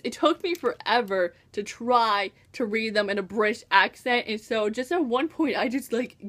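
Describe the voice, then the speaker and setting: An American teenage girl chatting about a book she loved in a casual vlog. Her voice sits a bit high and swings up and down with excitement as she gushes. She scatters "like" and "oh my gosh" through every sentence. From United States. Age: teens. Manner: gushing, enthusiastic, full of "like" and "oh my gosh". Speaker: book reviewer.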